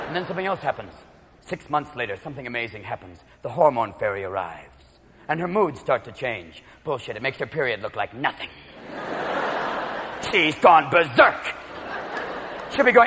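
A man performing a manic stand-up routine, jumping into shouted character voices before a live audience. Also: sits high, sing-song, normal speed. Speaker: stand-up comedian. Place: large theater stage. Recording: live hall with loud crowd and noise. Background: audience laughter.

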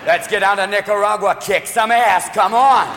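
A man's voice: high-pitched, moderate pace, creaky, noisy background. A man doing a drawling tough cowboy hero. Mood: belligerent. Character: gruff cowboy-movie hero, old man. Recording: live club mic, echoing hall, crowd.

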